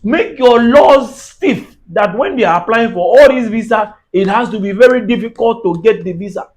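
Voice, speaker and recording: A man's voice: high-pitched, normal speed, rough recording. A Nigerian man with a Nigerian accent, delivering a heated, preachy comedic rant and laughing at his own jabs.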